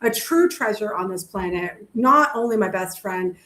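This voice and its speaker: A woman's voice: mid-range voice, expressive, moderate pace, sharp tone, reverberant. A woman hosting a podcast from home, from Canada, bubbly and playful, breaking into bits of show tunes. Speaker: podcast host.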